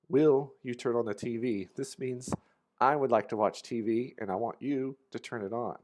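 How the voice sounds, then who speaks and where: A man teaches an English grammar lesson in a loose, casual way. His voice sits at an ordinary middle pitch, and he drops in easy fillers as he explains. The delivery feels like a friendly walkthrough. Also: darkish tone.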